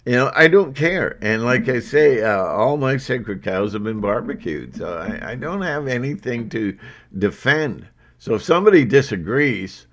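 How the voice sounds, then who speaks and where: Slow, low-voiced defiant man. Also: a bit bright. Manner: defiant, unfiltered, hesitant with many fillers. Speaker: channel host. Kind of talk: rambling monologue to camera.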